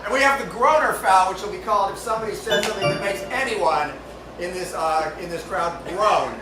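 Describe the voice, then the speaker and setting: A man hosting and refereeing a live improv comedy show on a theater stage, playful and jokey, now and then shouting to the crowd. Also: sits high, fairly quick, loud music behind the voice. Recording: roomy hall, distant mic, loud noise.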